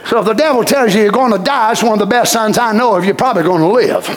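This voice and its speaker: A man preaching a fervent sermon, often shouting and stretching out his phrases. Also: high voice, quick pace.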